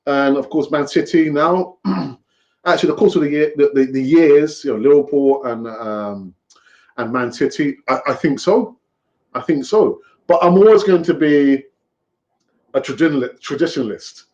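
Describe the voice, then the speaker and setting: A man with a slightly high, darkish voice hosts a fan live stream at a normal speed. He chats casually and rambles, with fillers and laughs, over lo-fi stream audio.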